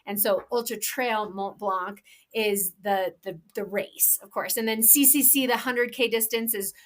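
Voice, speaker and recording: In an unhurried, medium-pitched voice, a woman co-hosts a podcast, and she also runs trails professionally. The chat is casual, upbeat and meandering, full of fillers and restarts.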